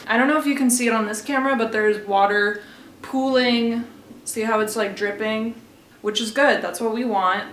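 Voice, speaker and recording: A woman's voice: medium pitch, a bit bright. A woman vlogger giving a casual how-to demonstration at home, chatty and conversational, with asides to the viewer. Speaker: plant care vlogger. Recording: roomy echo.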